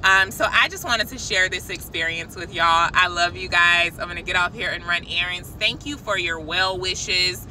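A woman giving an excited, preachy spiritual message to her viewers from a parked car, calling them y'all. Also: on the low side, normal speed, few pauses, slight background noise, rough recording. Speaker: christian vlogger. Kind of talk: casual spiritual vlog. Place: parked car outside a shop.

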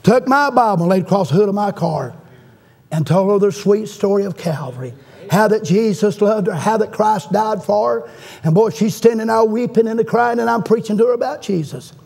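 A man's voice: high-pitched, expressive, moderate pace, creaky, darkish tone. A middle-aged man preaching a fervent revival sermon in a church, telling a story and calling out to the congregation. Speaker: guest preacher. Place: church sanctuary.

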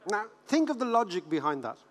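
A man in his fifties with an Irish accent, giving a conference keynote as a joking, animated storyteller who repeats words for effect. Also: high voice, a little fast. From Ireland. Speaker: keynote speaker. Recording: reverberant hall.

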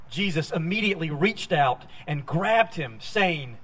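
A man preaching a sermon as a pastor, telling a Bible story with lively, acted-out quoted lines. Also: on the high side, unhurried, hardly any pauses. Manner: animated storytelling, acting out quoted voices. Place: church sanctuary.

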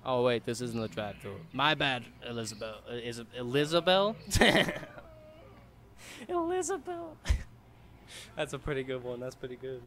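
A man's voice: mid-range voice, fairly quick, a bit bright. A man giving casual, joking let's-play commentary, chatty and laughing often. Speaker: gamer streamer.

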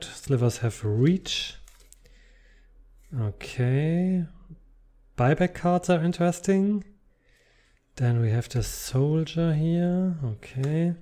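A man's voice: mid-range voice, dark tone. A man casually commenting while unboxing trading cards, reading card text aloud between muttered asides.

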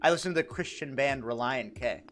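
A young man streaming a game, chatting casually with his viewers in a joking, animated way and laughing often. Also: medium pitch, fairly quick, faint music behind. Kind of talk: casual livestream chat, reacting to chat.

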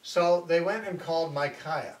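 A man's voice: fairly high pitch, normal speed. Conversational male Bible teacher, echoey hall. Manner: conversational, corrects himself mid-sentence. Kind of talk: lecture retelling a scripture story. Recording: echoey room, voice from far off, faint noise.

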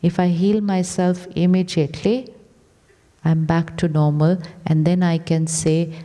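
A woman's voice: on the low side, steady tone, unhurried, warm tone. A woman spiritual teacher giving an inspirational talk on stage, using short repeated commands and rhetorical questions. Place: large theatre. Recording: long theatre reverb.

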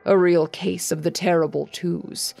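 A woman voicing a dead male museum tour guide who speaks slowly and formally, in a hushed tone over an intercom. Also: lowish voice, steady tone, vocal fry, husky, faint music behind, heavily acted. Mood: eerie.

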